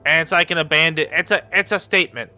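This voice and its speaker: A man giving casual reaction commentary, rambling and repeating himself with lots of fillers, and quick to laugh and get excited. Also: on the high side, faint music behind. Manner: gets excited and laughs easily. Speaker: YouTube commentator.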